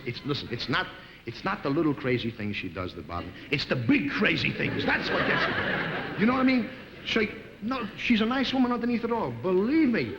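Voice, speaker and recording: Animated man in a comic monologue. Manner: exasperated, animated storytelling with big pitch swings. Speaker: comedian. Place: television studio stage. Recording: 1950s television broadcast, hall reverb, noisy.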